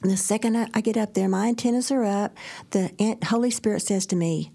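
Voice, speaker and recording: A middle-aged woman co-hosting a faith talk show, telling stories in an animated way, acting out quotes and laughing often. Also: mid-range voice, brisk, vocal fry. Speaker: podcast co-host. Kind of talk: faith-based casual chat, storytelling.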